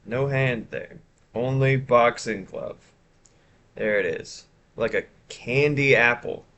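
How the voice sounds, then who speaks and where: A man's voice: mid-range voice, slow pace, fairly bright tone, a little hiss or hum. A man streaming live, chatting casually and rambling with chat while showing his art. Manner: rambling, chatty, self-interrupting.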